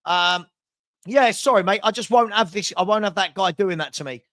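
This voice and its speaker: A man's voice: sits high, normal speed, a bit bright. A young man hosting a live football watchalong, ranting heatedly and hurling insults.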